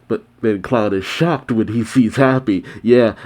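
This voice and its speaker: A man's voice: mid-range voice, lively intonation, slow pace, a little mellow. A man hosting a manga reaction, reading a chapter with enthusiastic commentary and frequent laughter.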